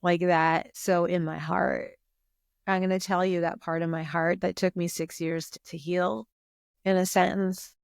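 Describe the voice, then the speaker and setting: A woman talking as a podcast guest in a casual conversation, expressive and emotional, speaking openly about personal feelings. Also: lowish voice, a little slow, creaky, dry recording, clean studio sound.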